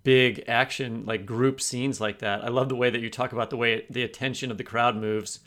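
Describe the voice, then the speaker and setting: Podcast host guy, bit of vocal fry, casual loose talk with ums. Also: mid-range voice, fairly even intonation, normal speed, fairly bright tone. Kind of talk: casual interview chat.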